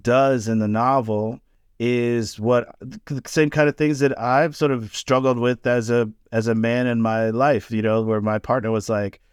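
A man's voice: mid-range voice, fairly even intonation, measured pace, clean tone, no echo, clean studio sound. A man co-hosting a casual book discussion who talks thoughtfully, with many "like" and "you know" fillers. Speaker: podcast co-host.

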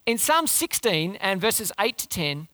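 A woman's voice: medium pitch, very animated, unhurried, a bit bright. A woman preaching a sermon in an earnest, conversational way, asking rhetorical questions and repeating phrases for emphasis.

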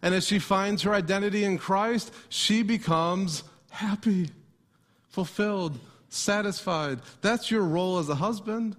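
Man preaching a sermon, fairly high voice. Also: unhurried. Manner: preaching with rhetorical questions to the congregation. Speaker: pastor.

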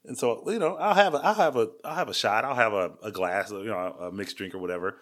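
Laid-back low-voiced man chatting. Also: quick pace, fairly bright tone. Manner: laid-back, chimes in with short agreements and laughs. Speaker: podcast co-host. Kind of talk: casual chat.

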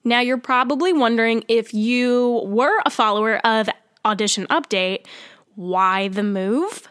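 A young woman hosts her own podcast in a casual, slangy, upbeat way. Her voice sits a little high and sounds nasal and slightly worn from a cold. The sound is dry and close, with almost no room around it. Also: normal speed, a bit bright, smooth, dry recording. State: tired. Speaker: podcast host.

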